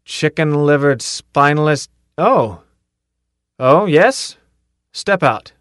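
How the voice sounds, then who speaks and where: A man's voice: on the high side, expressive, slow pace, a bit bright, no room sound, studio quality, pitched above the performer's own voice. A man voicing a tough, cocky male drill sergeant who barks and taunts his recruits in an audiobook. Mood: taunting. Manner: barking, taunting commands.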